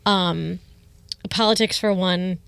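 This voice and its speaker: Soft-spoken bright young woman. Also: on the low side, steady tone, takes it slowly, creaky, clean tone, no room sound. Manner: soft-spoken, trailing off, many fillers. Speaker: radio co-host. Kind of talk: casual radio chat.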